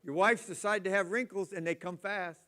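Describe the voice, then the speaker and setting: A man in his sixties preaching a sermon, telling loud, animated family stories. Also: high-pitched, normal speed. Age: 60s.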